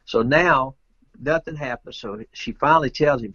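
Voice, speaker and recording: A man's voice: mid-range voice, normal speed, pushed and bright, no echo, highs cut off. A man, a guest telling a rambling, folksy story with loose grammar in casual chat. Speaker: interview guest, pool player.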